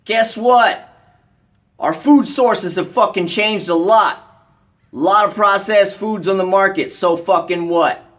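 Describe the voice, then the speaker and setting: An American vlogger delivering an angry rant to the camera, blunt and profane, scolding the viewer with bursts of shouting. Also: medium pitch, slow.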